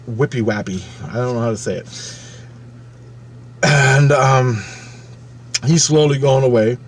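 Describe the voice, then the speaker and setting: A man in his fifties narrating a personal experience in a loose, unscripted monologue. He talks at a middle pitch, swears freely, and circles back on his own phrases. A faint hiss sits under his voice. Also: darkish tone. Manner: profane, emphatic, halting retelling with repeated phrases. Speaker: channel host.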